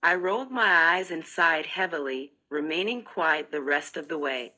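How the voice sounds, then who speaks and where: A woman reads a first-person audiobook in a measured, steady way. Her voice sits low but sounds bright and forceful. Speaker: narrator.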